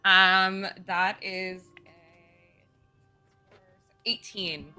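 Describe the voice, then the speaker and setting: A woman playing in a tabletop game, playful and quick to laugh. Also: medium pitch, flat delivery, sharp tone, clean tone, soft background music. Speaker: player. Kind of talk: casual tabletop play.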